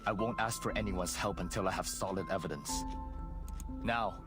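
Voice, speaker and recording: A man's voice: deep voice, moderate pace, lightly acted. An actor playing a weary, stern male officer who speaks formally and earnestly, in game audio. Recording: game audio with background music.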